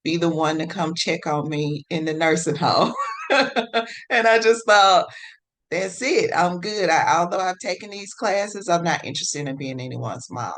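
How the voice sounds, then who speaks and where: A woman telling her own story as a podcast guest, swinging between hushed and excited and acting out her own past words. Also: low voice. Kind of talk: personal storytelling in a podcast interview.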